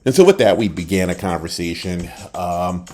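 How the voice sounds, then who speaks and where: An older man hosting a short podcast, telling a personal story in a casual, lively way and acting out the people he quotes. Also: deep voice, normal speed. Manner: animated, acts out quoted voices, trails off at the end. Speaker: podcast host.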